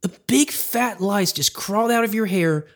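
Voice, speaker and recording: Man putting on his shrill disgusted mom. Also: normal speed, natural voice. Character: squeamish, alarmed middle-aged mother.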